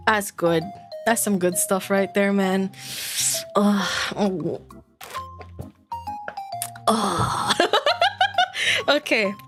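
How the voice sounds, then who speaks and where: A woman's voice: medium pitch, drawn-out words, long pauses. A woman streamer chatting casually and playfully with her audience, laughing often. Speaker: virtual streamer. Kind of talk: casual live-stream chat. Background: faint background music.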